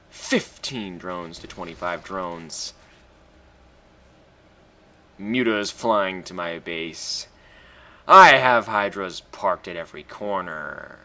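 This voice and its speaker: A man casually commentating a strategy game he played, excitable and profane, often bursting into loud shouts. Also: deep voice, slow. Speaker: gamer commentating his own match.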